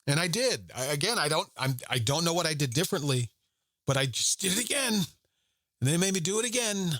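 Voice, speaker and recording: A man's voice: on the high side, fairly bright tone, no echo, studio quality. A man, a former Marine, hosting a Catholic podcast who tells a personal story and preaches earnestly, repeating his key points. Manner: earnest, repetitive, preacherly emphasis.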